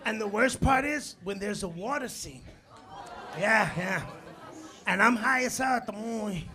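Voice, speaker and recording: A man in his forties doing a stand-up comedy set on a club stage, telling animated stories, acting out quotes and working the crowd. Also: high voice, measured pace, a little hiss or hum. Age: 40s. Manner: animated storytelling, acts out quotes, works the crowd. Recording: live club recording with loud crowd laughter. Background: audience laughter.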